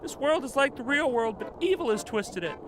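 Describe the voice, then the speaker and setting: A man voicing a small male creature from a fantasy video game in a squeaky, eager way. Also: animated, brisk, music in the background. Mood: curious. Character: high-voiced small male Dark World creature.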